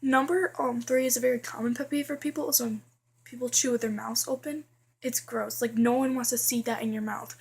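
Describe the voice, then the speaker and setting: A woman's voice: on the high side, fairly even intonation, fairly quick, creaky, a little mellow, breathy edge. A teenage girl vlogging casually, chatty and full of fillers, complaining about things that annoy her. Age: teens. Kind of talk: casual list vlog.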